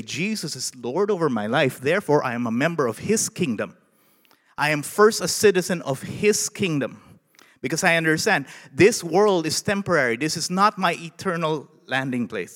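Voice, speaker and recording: Speaking in a fairly high voice, a pastor from the Philippines with a Filipino English accent delivers a lively sermon in a large hall and keeps asking his listeners questions.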